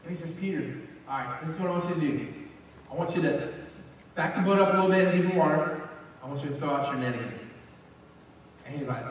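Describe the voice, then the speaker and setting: High-voiced pastor preaching in an echoey hall. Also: male voice, quick pace, long pauses, a little hiss or hum. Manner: conversational, animated storytelling with asides to the congregation. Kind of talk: sermon. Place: church sanctuary. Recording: echoey hall, mic from far off.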